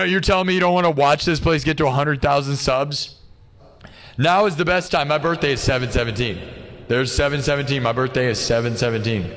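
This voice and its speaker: A man's voice: mid-range voice, fairly bright tone. A man hosting a live stream, chatting casually and ranting in exasperation, with lots of "dude" and "bro". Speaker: livestream host. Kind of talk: casual livestream rant.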